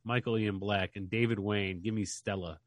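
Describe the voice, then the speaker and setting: A man co-hosting a podcast, talking in excitable, rambling casual chat and swearing freely. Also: fairly low pitch, moderate pace, no echo. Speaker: podcast co-host.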